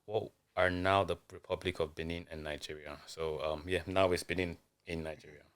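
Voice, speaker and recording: A man with a very deep, low voice, taking part as a guest in a podcast chat. He thinks aloud as he goes, pausing often on "um" and rephrasing his points. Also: fairly even intonation, a bit bright, clean tone. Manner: thoughtful, hesitant, many ums. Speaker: journalist guest. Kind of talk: casual chat.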